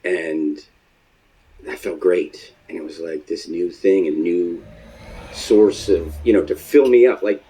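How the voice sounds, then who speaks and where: Man, low husky voice, halting and reflective. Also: warm tone, poor audio. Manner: halting, hesitant, with many fillers. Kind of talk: reflective interview answers.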